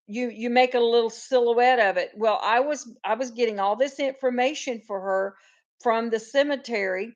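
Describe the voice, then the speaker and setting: A woman's voice: fairly high pitch, moderate pace, lo-fi sound. A woman hosting a casual live chat, telling long rambling stories and greeting viewers by name. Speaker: host of a live farm chat.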